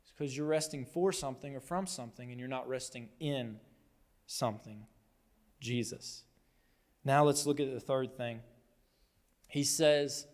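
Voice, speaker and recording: A man's voice: mid-range voice, fairly even intonation, measured pace, long pauses, darkish tone. A man preaching a sermon as pastor, telling the story conversationally and acting out the quotes with animation. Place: church hall. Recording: long hall reverb.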